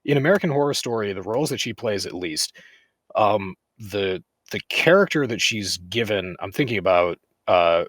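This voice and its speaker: Low-voiced guy on a podcast, lots of ums and uhs, super dry close mic. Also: expressive, moderate pace, a bit bright, dry recording. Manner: rambling, many fillers. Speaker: podcast co-host. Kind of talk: casual chat.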